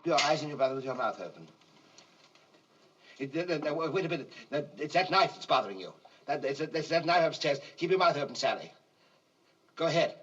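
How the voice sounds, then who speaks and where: A man coaches child actors on a film set, alternating gentle coaxing with rapid, insistent cues. His voice sits somewhat high for a man. He is heard from a distance through a dull, hissy archival recording. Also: expressive. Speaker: film director.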